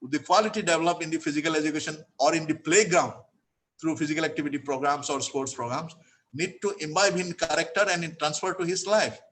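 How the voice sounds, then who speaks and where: A man's voice: fairly high pitch, fast, a bit bright. A man with an Indian English accent giving an earnest, formal academic lecture as an invited speaker.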